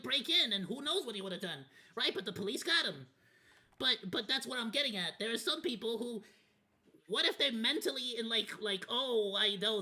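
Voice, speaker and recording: Bright-voiced rambling streamer guy. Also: extremely high pitch. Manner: rambling, candid, casually profane. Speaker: VTuber streamer. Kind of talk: casual watch-party commentary.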